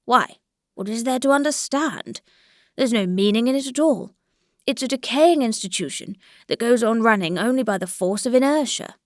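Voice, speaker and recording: A woman's voice: on the high side, expressive, moderate pace, no echo, clean studio sound, natural voice. Woman reading as an old resigned landowner. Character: old grey-whiskered male country landowner, resigned.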